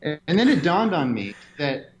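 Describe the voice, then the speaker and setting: A man being interviewed, telling stories in an animated way and laughing now and then. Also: on the high side, a little slow, rough recording. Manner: animated storyteller, laughs often. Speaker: interview guest, gym owner. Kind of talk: conversational interview.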